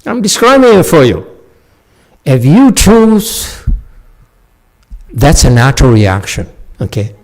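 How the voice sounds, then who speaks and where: Slow, mellow-voiced man teaching meditation. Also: on the high side, wildly swooping pitch. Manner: laughs often, keeps checking with "okay?". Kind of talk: dharma talk answering questions.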